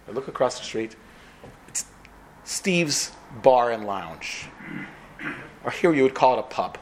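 A man's voice: mid-range voice, a little slow, long pauses, slight background noise. A man with an American accent telling a story to students, acting out the characters. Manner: animated, acts out characters. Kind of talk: storytelling talk.

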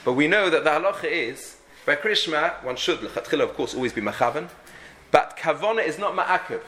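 A man's voice: on the high side, lively intonation, fairly quick, bright, forceful tone. A man teaching a halachic lesson, thinking aloud with frequent restarts and many Hebrew and Yiddish terms. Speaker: Torah teacher.

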